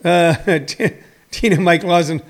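A man's voice: sits high, fairly even intonation, measured pace. A man in his sixties who runs a comedy school, talking in a rambling, joking monologue full of fillers. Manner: meandering, joking, many fillers.

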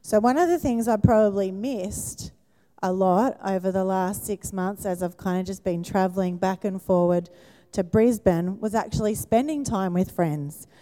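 In a church auditorium with lingering reverb, a female pastor speaks warmly at medium pitch, keeping her sermon conversational and posing questions to the congregation.

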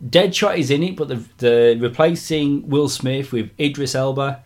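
A man's voice: mid-range voice, normal speed, a little mellow. Chatty man, movie news. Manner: chatty, opinionated, laughs easily. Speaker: podcast co-host. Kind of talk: casual film news chat.

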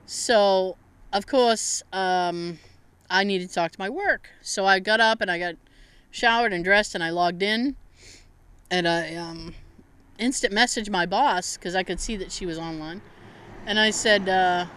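A woman telling a story on a casual podcast, acting out each quote in a higher voice. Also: normal speed, sharp tone, clear, resonant tone. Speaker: podcast co-host.

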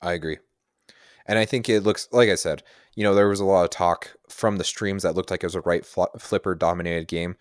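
A man with a very deep voice co-hosts a relaxed podcast. He sounds enthusiastic and quick to laugh, recorded dry with no room echo. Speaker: podcast co-host. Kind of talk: casual chat.

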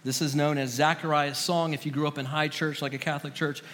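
A male pastor with a notably high voice delivers a sermon in an easygoing, chatty manner, dropping slangy asides as he goes. His voice rings out with a long reverb, as if filling a large church sanctuary. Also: little pitch movement, quick pace, a bit bright. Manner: casual, conversational preaching with slangy asides.

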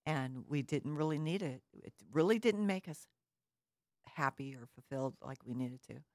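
Woman, low register, earnest personal storyteller, dry room. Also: no room sound. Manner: earnest storytelling with rhetorical questions. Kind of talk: reflective personal talk.

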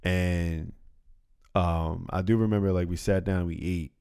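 A man's voice: sits low, fairly even intonation, a little slow, vocal fry, mellow, clean tone, no echo, clean studio sound. A man in casual chat, telling a story in a laid-back, slangy way and often repeating himself.

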